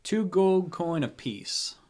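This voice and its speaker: A man voicing a shrewd, sly middle-aged businessman in a Western tabletop game, low and smug. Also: expressive, moderate pace, fairly bright tone, lightly acted.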